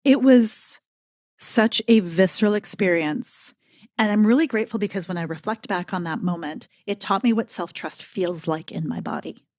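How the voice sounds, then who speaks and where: A middle-aged woman talking as a podcast guest, telling a story with emphatic, animated energy. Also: mid-range voice, moderate pace, no echo, clean studio sound. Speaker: podcast guest, keynote speaker. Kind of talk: casual conversational interview.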